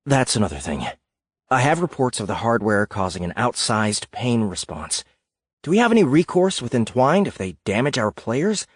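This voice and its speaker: A woman narrator lowers her voice to play an earnest male game developer in an audiobook. He sounds frustrated and pushes back hard on his boss. His voice rises and falls with feeling. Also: big pitch swings, normal speed, breathy edge, no echo, studio quality.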